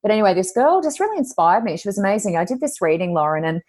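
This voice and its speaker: An Australian woman, a psychic medium and podcast co-host, chatting casually and telling animated stories with high-pitched exclamations. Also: rapid-fire. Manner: animated storyteller, acts out quotes with high exclamations. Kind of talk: casual chat.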